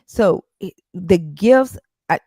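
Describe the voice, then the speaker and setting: A woman's voice: fairly low pitch, animated, slow pace, mellow, breathy edge, dry recording. A woman co-hosting a casual Bible chat who asks pointed questions and reasons them out aloud. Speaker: podcast co-host discussing the Bible.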